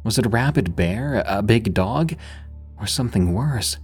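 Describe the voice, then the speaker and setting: A man reading a scripted horror story in a measured, suspenseful way. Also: lowish voice, animated, darkish tone, soft background music.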